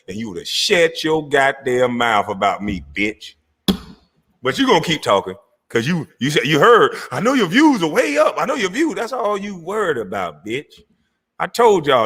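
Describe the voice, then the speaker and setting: A middle-aged man hosting his own channel, delivering an angry, profane rant to camera, mocking and confrontational, breaking into laughs and shouts. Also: a little high, husky. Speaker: channel host. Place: Georgia, USA.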